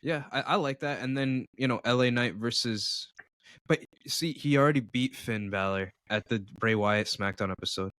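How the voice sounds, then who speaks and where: A man's voice: mid-range voice, moderate pace, a bit bright, no room sound. A man co-hosting a casual podcast, sharing his opinions with enthusiasm. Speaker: podcast co-host. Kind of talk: casual chat.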